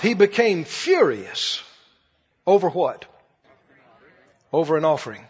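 A man's voice: high-pitched, huge pitch swings, slow pace, pauses often, slightly rough, faint music behind. A man preaching a sermon in a folksy, emphatic way, often putting questions to the audience. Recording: dull echoey hall broadcast.

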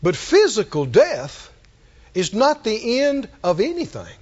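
Guy preaching real slow, high voice, muffled old sermon tape. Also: huge pitch swings, breathy edge. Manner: slow, emphatic preaching that rises to high shouted refrains.

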